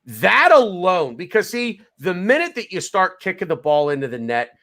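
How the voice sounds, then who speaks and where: A man's voice: high-pitched, sing-song, moderate pace, pushed and bright. An American man hosting a podcast, worked up and swearing, repeating phrases and talking over the others. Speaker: podcast host. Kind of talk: heated podcast rant.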